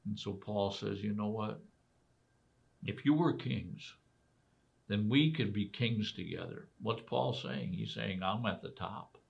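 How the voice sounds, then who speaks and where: Slow, low male pastor, gravelly; emphatic sermon delivery, muffled lo-fi audio. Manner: emphatic preaching with rhetorical questions. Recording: dull lo-fi recording.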